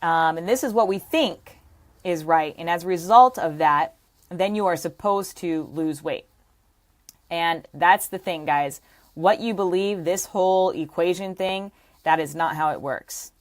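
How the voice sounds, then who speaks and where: A woman with a low, deep voice explains fitness to camera as a coach. She talks emphatically, repeating key ideas and tagging them with "okay?" and "right?". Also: unhurried. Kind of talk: teaching to camera.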